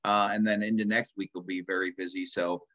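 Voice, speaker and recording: A man in his sixties talks in a loose, rambling way as a podcast co-host. He fills pauses with ums and uhs and often breaks off mid-phrase before pressing on. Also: low-pitched, level tone, fairly bright tone, low-quality recording. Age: 60s. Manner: rambling, many ums and uhs, self-interrupting. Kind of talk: casual chat.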